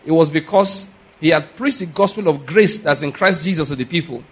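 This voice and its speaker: A male preacher with a slightly raised pitch delivers an emphatic sermon. He keeps checking in with his congregation and asks them direct questions as he explains scripture. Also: a little fast, breathy edge. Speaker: pastor.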